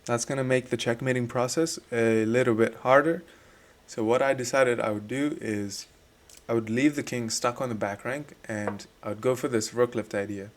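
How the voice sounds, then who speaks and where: A man reviewing one of his own chess games, explaining his moves step by step in a relaxed voice-over. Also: mid-range voice, normal speed. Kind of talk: casual game commentary.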